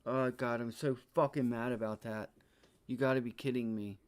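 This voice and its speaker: A man's voice: fairly even intonation, normal speed, smooth. Frustrated swearing man trading live. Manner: frustrated, swearing heavily, shouting outbursts; muttering to himself, low and deflated. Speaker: day trading livestreamer. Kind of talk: live trading stream commentary.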